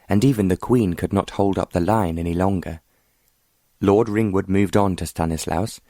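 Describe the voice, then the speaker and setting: A man narrating an audiobook in a steady, even storytelling manner. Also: sits low, dry recording, clean studio sound. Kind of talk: scripted narration.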